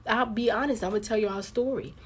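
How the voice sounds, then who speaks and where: A woman's voice: a little high, fast, breathy edge. A woman hosting a livestream, candidly telling her viewers a personal story in a casual, conversational way. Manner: candid, conversational, addresses viewers as girl and y'all. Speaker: livestream host.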